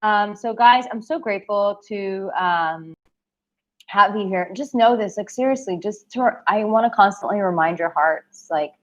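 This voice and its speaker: A woman's voice: medium pitch, measured pace. A young woman coaching on a live stream Q&A, affectionate and emphatic, calling viewers babe. Her voice is going. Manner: emphatic, repeats herself. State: losing her voice. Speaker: dating and relationship coach. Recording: dull lo-fi livestream audio.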